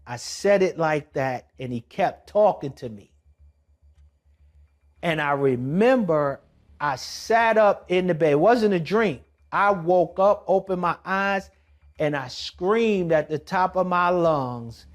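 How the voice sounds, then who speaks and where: A man's voice: fairly high pitch, animated, takes it slowly, faint music behind. A man who is a kidney transplant recipient, telling his personal testimony in an emphatic, conversational way with slang asides.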